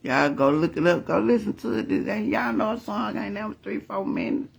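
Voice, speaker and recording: A man spins a family story for his followers, often laughing and calling on the Lord. His voice sits high and carries a gravelly, husky edge. His pitch jumps around with lively, animated swings. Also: brisk. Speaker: vlogger. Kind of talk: casual storytelling to viewers.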